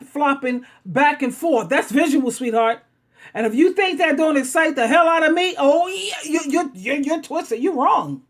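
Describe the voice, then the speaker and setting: A woman hosting a casual relationship talk, speaking bluntly with a sassy, teasing edge. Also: high voice. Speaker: talk show host.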